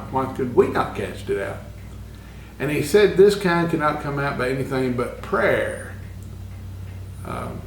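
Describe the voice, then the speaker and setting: Man, Bible class teacher, earnest, uh fillers, roomy echo, far from mic, faint hiss. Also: mid-range voice. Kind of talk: Bible lesson. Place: church classroom. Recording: echoey room, far from the mic.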